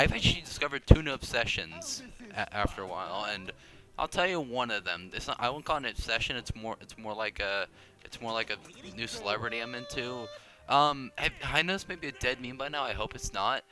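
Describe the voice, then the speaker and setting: A young man who makes gaming videos gives casual gameplay commentary in a medium-pitched, sharp-toned voice. He rambles, pokes fun at himself, and keeps restarting and drifting into tangents.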